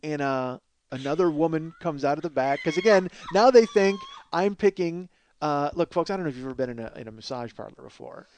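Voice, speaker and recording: A man's voice: on the high side, expressive, brisk, a little mellow, slight background noise. A man in his forties hosting a comedy podcast, telling a rambling, profane, self-mocking story full of restarts. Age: 40s. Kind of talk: rambling comic monologue.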